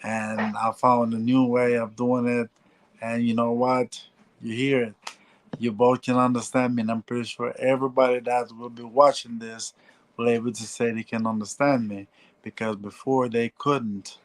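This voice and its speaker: A man in his forties with a Jamaican accent, talking casually as an interview guest, halting and often repeating "you know". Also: medium pitch, flat delivery, poor audio. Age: 40s. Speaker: guest, former heavyweight boxer.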